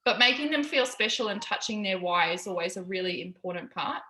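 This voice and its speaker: A woman's voice: mid-range voice, lively intonation, fairly quick, pushed and bright. Aussie woman coaching her team on a video call, blunt and cheering them on, echoey room. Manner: candid, swears freely, encouraging. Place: busy home with kids in background. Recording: roomy echo.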